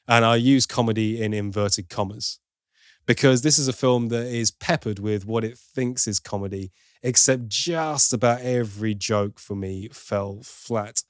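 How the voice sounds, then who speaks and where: A man's voice: on the low side, a little slow, dry recording, clean studio sound. A man hosting a film review podcast, giving opinionated, wry critique in casual chat with plenty of asides.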